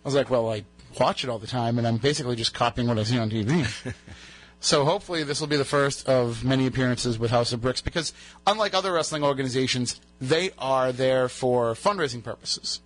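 Chatty New radio host. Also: male voice, mid-range voice, a little fast. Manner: chatty, rambling storyteller. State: recovering from a lost voice. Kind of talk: casual radio banter.

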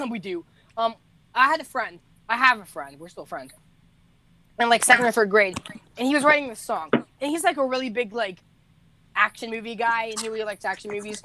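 A man's voice: very high voice, a little fast, heavy background noise. A teenage boy, a musician co-hosting a podcast, telling rambling stories in casual chat, laughing and correcting himself as he goes.

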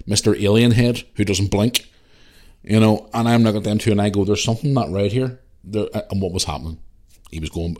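A man's voice: fairly low pitch, darkish tone. A man with a Northern Irish accent hosting a podcast, telling stories in a blunt, opinionated way. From Northern Ireland. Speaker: podcast host. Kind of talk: casual monologue.

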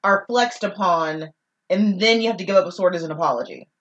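A woman's voice: fairly low pitch, brisk, a bit bright, highs cut off. A woman co-hosting a casual podcast, chiming in with sarcastic quips. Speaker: podcast co-host. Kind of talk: casual chat.

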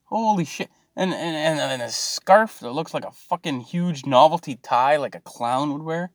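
A man's voice: a little high, normal speed, no room sound, studio quality. A man, ranting and swearing in a mocking, exasperated monologue to his viewers.

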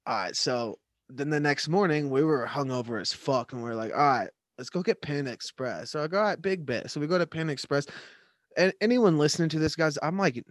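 A man's voice: fairly high pitch, lively intonation, a little fast, no echo, studio quality. A young man telling rambling, profane stories in casual chat with a friend, laughing often. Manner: loose, profane, laughing storyteller.

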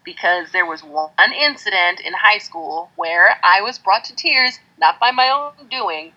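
A woman's voice: medium pitch, a little slow, bright, forceful tone. A woman guest in a casual podcast chat, telling stories in a matter-of-fact, wry way. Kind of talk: casual chat over a conference call. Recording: muffled lo-fi call audio.

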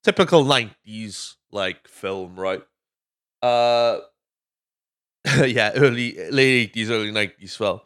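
A man's voice: medium pitch, slow pace, long pauses, a bit bright. A Welsh man hosting a podcast, casually recapping a movie with swearing and rambling tangents. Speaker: podcast host.

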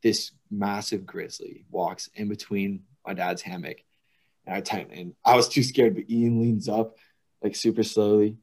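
A man with a very low, deep voice sits in on a casual podcast conversation. He tells his anecdotes with animated delivery, often breaking into laughter mid-sentence. His tone is relaxed and conversational. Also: normal speed. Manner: laughs through vivid anecdotes. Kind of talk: casual chat, storytelling.

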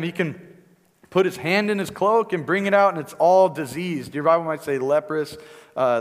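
A male preacher giving a conversational teaching sermon, often checking in with "right?" asides. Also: on the high side. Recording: long reverb in a large hall.

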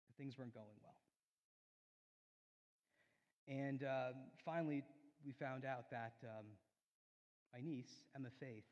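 A man preaching a sermon in a church, telling a personal story earnestly, rising loud and then dropping soft. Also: medium pitch, muffled recording. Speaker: pastor. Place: church sanctuary. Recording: long hall reverb.

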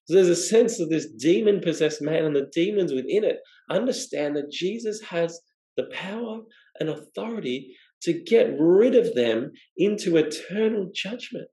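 A man's voice: high-pitched, animated, normal speed, dark tone, roomy sound, rough recording. A man preaching a sermon, explaining scripture and asking rhetorical questions. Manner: expository, asks rhetorical questions.

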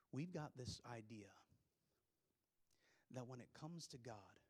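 Here a man speaks at medium pitch and moderate pace, his voice a little mellow. He's a pastor giving a sermon, preaching emphatically with a stream of rhetorical questions, then slipping into plain conversational asides with the congregation.

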